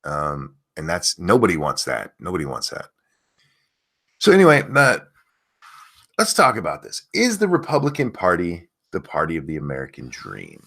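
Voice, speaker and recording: A man's voice: a little fast, creaky, hardly any pauses, breathy edge. A man hosting a casual livestream, ranting with a lot of profanity and reading viewer comments aloud. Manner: lively pitch, mocking voices. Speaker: streamer host.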